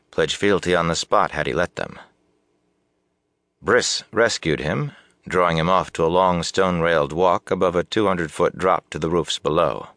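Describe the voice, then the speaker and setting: A man reading a fantasy novel aloud as audiobook narration, with a measured, even storytelling delivery. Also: rumbling low, no room sound. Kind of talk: scripted narration.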